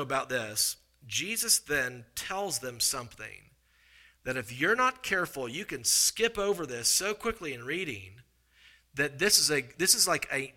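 A man preaching a sermon, animated and expressive, acting out the people he quotes with big swings in pitch and loudness. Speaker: pastor.

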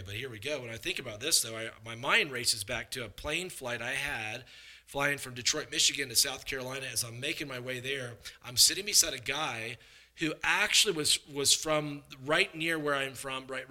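A man preaching a sermon, swinging from emphatic raised passages to low, confiding asides. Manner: animated, rising to emphatic bursts, then dropping low and confiding.

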